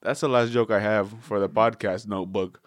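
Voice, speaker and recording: A man's voice: lowish voice, steady tone, brisk, dry recording, clean studio sound. Rambling, joking young man host. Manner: rambling, swears, jokey. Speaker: podcast host. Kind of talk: casual comedic podcast chat.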